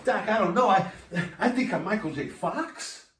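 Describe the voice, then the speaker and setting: A man playing a frantic comedian patient who keeps slipping into loud, jumpy put-on voices. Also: lively intonation, moderate pace, reverberant, recorded from a distance. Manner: frantic, loud, jumping pitch and pace between put-on voices. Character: manic male comedian lurching between impressions.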